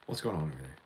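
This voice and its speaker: A man's voice: slight background noise, low-quality recording. A man hosting his channel, telling a story in a casual livestream chat, ranting and often saying "dude" and "man". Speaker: channel host.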